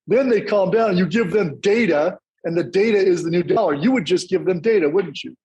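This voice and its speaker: High-voiced man hosting a podcast. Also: a little fast, hardly any pauses, darkish tone, poor audio. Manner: emphatic, repeats key lines. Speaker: podcast host.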